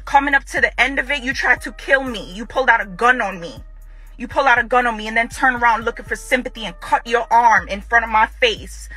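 A woman addresses the camera in a bright, forceful tone with a husky edge. She speaks to her former partner in confrontation and hammers her points home by saying them twice. Faint music plays underneath. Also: a little high, a little fast. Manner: confrontational, repeats her phrases.

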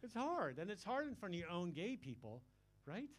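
Brash sixty-year-old stand-up comedian, fairly high. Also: male voice, sing-song. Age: 60s. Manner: brash, crude, self-mocking, with quick asides to the crowd. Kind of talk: live stand-up comedy set. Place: comedy club stage.

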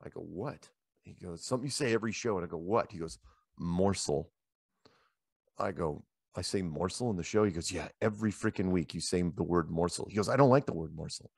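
Animated man host, low dry voice. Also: brisk, gravelly, slightly rough, no room sound. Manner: animated, rambling anecdotes with repeated "he goes". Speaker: show host. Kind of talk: casual storytelling chat. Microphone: handheld microphone.

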